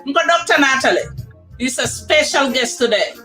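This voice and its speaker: A Gambian-accented host opening a live-streamed talk show, excitedly welcoming viewers over and over and mixing English with a local language. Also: sits high, normal speed, faint music behind. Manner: excited, hyping, repeats welcomes.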